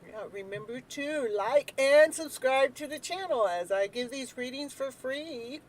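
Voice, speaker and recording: A woman hosting a live tarot reading stream, chatting casually, joking and breaking into whooping cheers, then dropping to soft murmurs. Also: high-pitched, lively intonation, a little slow, slight background noise, poor audio. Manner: talks softly while eating, then bursts out loud. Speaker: live tarot reader and show host.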